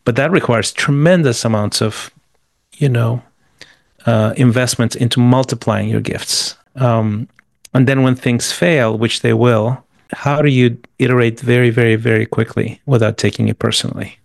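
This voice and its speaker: Gravelly emphatic man giving advice. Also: mid-range voice, steady tone, dry recording. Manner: emphatic, repeats words, lists rapidly. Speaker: guest. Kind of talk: interview answers, motivational advice.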